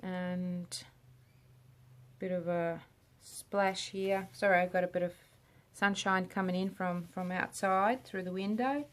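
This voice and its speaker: In her windowed home art studio, a resin artist talks slowly in a low voice with fairly even intonation. Her running commentary is chatty and murmured, often fading out before a thought is finished.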